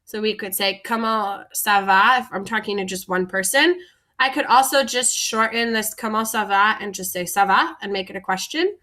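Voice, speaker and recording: A woman's voice: medium pitch, normal speed, bright, forceful tone. A woman teaching French vocabulary in a patient, explanatory lesson, often recapping and repeating terms.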